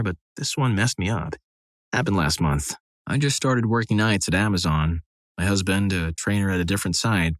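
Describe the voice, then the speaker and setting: A man with a fairly low voice reads one short story after another in a steady, even narration. The sound is close and dry, with no room around it. He keeps a scripted storytelling pace throughout. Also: no echo. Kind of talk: scripted narration of reader stories.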